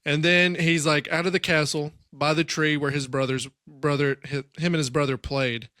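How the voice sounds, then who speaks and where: A man's voice: on the high side, flat delivery, moderate pace, bright, forceful tone, dry recording, studio quality. A man co-hosting a podcast, loosely retelling a film's plot in casual slang. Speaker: podcast co-host. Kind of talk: casual chat.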